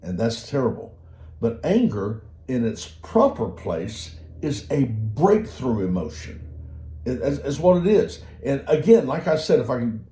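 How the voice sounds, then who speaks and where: A man's voice: medium pitch, mellow, roomy sound. A man giving a motivational talk in an earnest, repetitive way, often restarting his sentences. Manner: earnest, repeats words and restarts. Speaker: motivational speaker.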